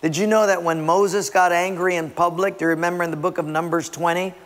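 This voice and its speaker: A man's voice: high-pitched, steady tone, brisk, a bit bright. A man preaching a sermon, emphatic and direct with his listeners. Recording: long reverb in a large hall.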